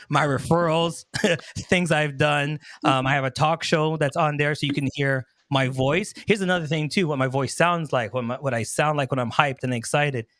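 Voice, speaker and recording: A man guest who works as a wedding MC and DJ, chatting animatedly in an interview, a bit hoarse from earlier yelling, acting out his own stories and laughing often. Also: on the high side, dry recording. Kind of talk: enthusiastic interview chat.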